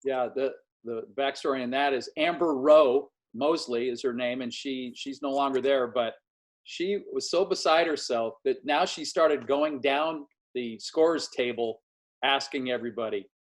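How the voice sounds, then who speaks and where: A man hosting a casual interview over a video call, telling stories in an animated way and acting out what people said. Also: medium pitch, normal speed. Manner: animated storyteller, acts out quotes. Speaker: podcast host and former game announcer.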